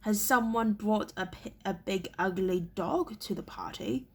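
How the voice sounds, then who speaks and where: Woman reading as a loud, sneering teenage bully, slow husky voice with some gravel. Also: mid-range voice. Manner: sneering, louder than the narration. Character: boastful bullying teenage boy warrior apprentice.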